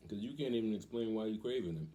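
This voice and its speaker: A young man hosting a vlog, telling a casual story in an animated way and acting out the voices of the people in it. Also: lowish voice, fast talker. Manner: animated, acts out quoted voices. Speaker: vlog host.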